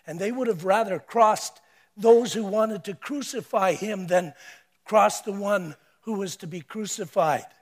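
Male preacher, high-pitched, emphatic sermon delivery with hushed and loud swings.

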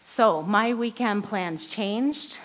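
A woman giving a personal devotional talk to a women's group, telling a story earnestly and often laughing softly mid-sentence. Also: medium pitch, slow pace, rough recording. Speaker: women's ministry speaker.

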